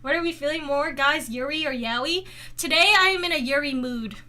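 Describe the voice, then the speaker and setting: Talking to her viewers at home through a desk mic, this female streamer is giggly and teasing, with playful sarcasm in her casual chat. She speaks at a moderate pace in a high, bright, forceful voice.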